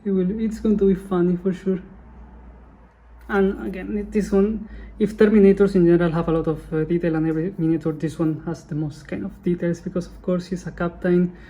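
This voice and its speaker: Brief: woman host, casual unboxing chat, corrects herself as she goes, mellow low voice. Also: steady tone, fairly quick. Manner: chatty, often corrects herself. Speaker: channel host.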